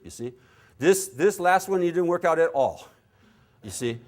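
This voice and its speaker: Animated man giving a dharma talk. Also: on the high side, normal speed. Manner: animated, acts out little quoted scenes. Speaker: spiritual teacher. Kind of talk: dharma talk to a live audience. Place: meditation center hall.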